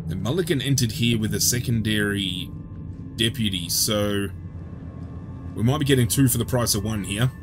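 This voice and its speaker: A man's voice: fairly low pitch, moderate pace, music in the background. A man giving casual gameplay commentary, chatty and joking, who swears freely as he plays.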